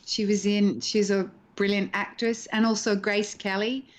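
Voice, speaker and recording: Woman, middle-aged, animated storyteller, casual video-call interview. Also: medium pitch, a little slow. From Australia. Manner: animated storyteller, acts out quoted voices. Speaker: actress interviewed as guest.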